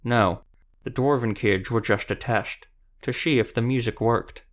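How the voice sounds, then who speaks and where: A man voicing a gruff, menacing male huntsman who is surly and cold. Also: mid-range voice, measured pace, natural voice.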